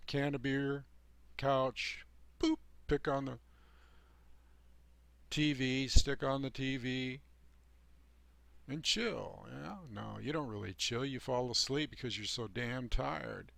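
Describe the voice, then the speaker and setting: Speaking slowly with a creaky voice and long pauses, a channel host hands out life advice in a preachy, wandering monologue. He leans on "you know" and "man," stays emphatic and folksy, and tosses in sarcastic jabs. The mid-range voice sounds fairly bright, with no room sound.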